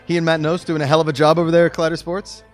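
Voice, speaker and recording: A man's voice: fairly high pitch, completely flat delivery, racing, faint music behind. A man hosting a fantasy football draft, announcing picks and joking with the players. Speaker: draft host. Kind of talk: lively draft emceeing.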